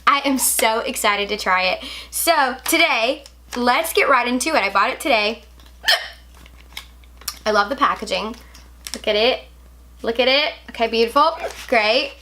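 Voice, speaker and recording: A woman's voice: fairly high pitch, lively intonation, normal speed, sharp tone, a little hiss or hum. Bubbly young woman with hiccups. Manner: bubbly, chatty, gushing. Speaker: beauty vlogger. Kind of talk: casual product review.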